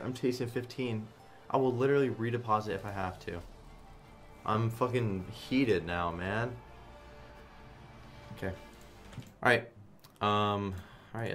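A man commenting casually on a slot game stream, swearing a lot and swinging between flat muttering and loud outbursts. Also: lowish voice.

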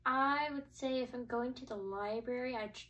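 A young woman co-hosting a casual get-to-know-me chat, relaxed and trailing off, with many soft mm-hmms. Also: fairly high pitch, normal speed, distant mic, rough recording. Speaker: co-host.

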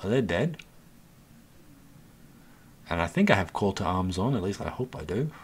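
This time his voice is lowish and a bit bright. Commentating on his own gameplay as channel host, he stays exasperated throughout, grumbling, swearing freely, and talking to both himself and his viewers.

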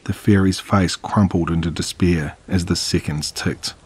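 Deep, husky male horror narrator. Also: fairly even intonation, a little slow.

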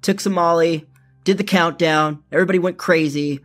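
Young guy telling a story, kinda high voice, super casual, lots of "like" and cussing. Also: steady tone, a little fast, a bit bright, soft background music. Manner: casual, profane, full of "like". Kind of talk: first-person storytelling.

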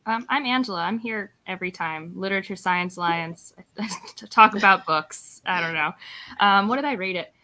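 A woman's voice: mid-range voice, normal speed, bright, forceful tone. A woman co-hosting a casual book chat on a video call, hesitant and thinking aloud. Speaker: co-host.

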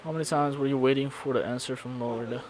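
A man preaching a sermon, retelling scripture stories in a halting way and often repeating his words. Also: medium pitch, fairly even intonation, darkish tone, slight background noise, low-quality recording. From Florida congregation. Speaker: pastor.

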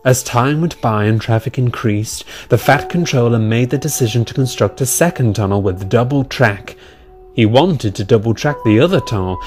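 A man narrating a storybook tale in a steady reading voice. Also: on the low side. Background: music.

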